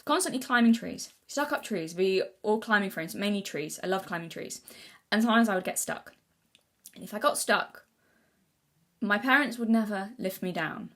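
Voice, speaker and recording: A young woman talks to camera in an unscripted, rambling way, often restarting her sentences. Her voice sits at a middle pitch, and she sounds earnest, as if she is working her thoughts out while she speaks. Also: expressive, normal speed. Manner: rambling, many restarts and self-corrections; earnest, thinking aloud. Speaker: vlogger. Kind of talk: casual unscripted talk to camera.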